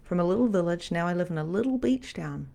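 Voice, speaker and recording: Chatty woman medium, slightly low voice. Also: fast, gravelly. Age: middle-aged. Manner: animated, repetitive, chatty. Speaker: medium and spiritual coach. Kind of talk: live-stream teaching.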